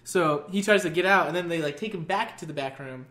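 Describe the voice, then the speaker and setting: Young man, bright voice, casual storytelling, swears, laughs often. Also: a little high, brisk. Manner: profane, laughs often, animated.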